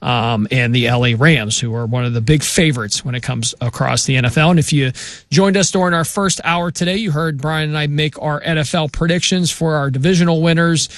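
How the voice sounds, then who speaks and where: A man's voice: on the high side, a little fast, no echo. A man hosting a sports radio show, wrapping up steadily with occasional "uh". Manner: steady, announcer-like with filler "uh".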